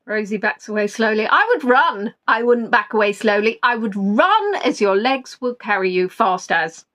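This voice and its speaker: A woman's voice: fairly high pitch, expressive, normal speed, fairly bright tone. A woman hosting a live-streamed quiz from home, rambling playfully, reading out viewers' answers and making joking asides.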